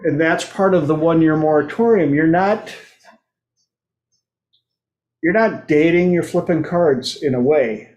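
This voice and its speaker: A man's voice: fairly high pitch, a little slow, long pauses, darkish tone, dull audio. A man hosting his own talk show, speaking in a loose, playful monologue and acting out quoted voices now and then. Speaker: host. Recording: roomy echo.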